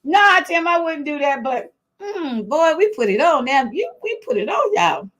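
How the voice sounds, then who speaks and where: A fairly high-voiced woman hosts a casual live-stream chat from home. She is chatty and excitable, laughs often and talks straight to the people watching. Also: normal speed. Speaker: host of a live chat show.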